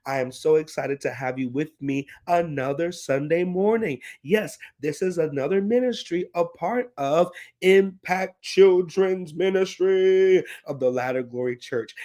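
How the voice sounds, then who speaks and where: A male children's minister leads a Sunday lesson for young kids. His slightly high voice bursts with cheerful exclamations, and he keeps asking the children to say words back to him. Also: darkish tone. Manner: bubbly, exclamatory, call-and-response with children. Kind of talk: kids' church lesson.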